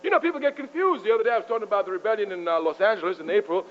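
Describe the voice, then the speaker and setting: A man with a high, ringing voice gives a fiery political speech to a university crowd. He talks in sweeping rhetorical turns and chuckles at his own jests. The old archival tape sounds muffled, with a faint mains hum underneath. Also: rapid-fire. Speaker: public speaker addressing university students. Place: university lecture hall.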